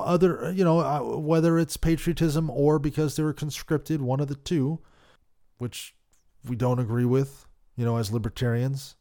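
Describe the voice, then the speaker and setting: A man hosting a podcast, giving passionate political commentary that swings from loud outbursts to quiet worry. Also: medium pitch. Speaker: podcast host.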